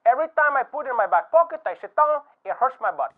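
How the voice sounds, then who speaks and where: A man voicing a bumbling male Cuban professor on a phone call, with a put-on Spanish accent and a halting, confused way of talking. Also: very high voice, big pitch swings, voice pushed up. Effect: telephone filter. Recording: tinny phone line.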